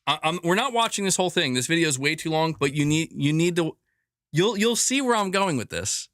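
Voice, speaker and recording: A man's voice: a little high, expressive, fairly quick, fairly bright tone, no room sound, studio quality. A man hosting a gaming news show in casual chat, rambling, exasperated and jokey.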